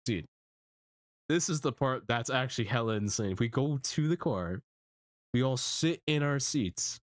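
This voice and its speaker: Swearing, animated young man telling a story. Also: medium pitch, no room sound, clean studio sound. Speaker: streamer. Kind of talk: casual storytelling chat.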